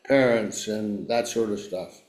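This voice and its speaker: Halting male podcast host, roomy sound. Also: lowish voice, a little mellow. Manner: halting, with restarts and trailing questions. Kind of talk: conversational interview. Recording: roomy echo.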